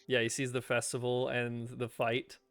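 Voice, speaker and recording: A man's voice: mid-range voice, completely flat delivery, moderate pace, vocal fry, a bit bright, no echo, faint music behind. A laid-back man who laughs often, running a tabletop game as game master. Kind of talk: casual game narration.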